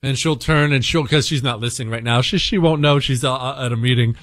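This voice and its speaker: A man's voice: medium pitch, brisk, fairly bright tone, dry recording, clean studio sound. A middle-aged man hosting a radio talk show, chatting casually and teasing as he tells stories and reads ads. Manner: sarcastic, playful, teasing storytelling. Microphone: studio microphone.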